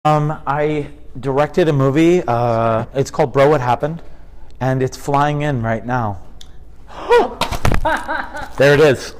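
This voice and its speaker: Fifty-something comic guy chatting in an interview, lively storyteller, drops into impressions. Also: medium pitch, unhurried, smooth. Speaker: comedian guest. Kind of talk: casual interview chat.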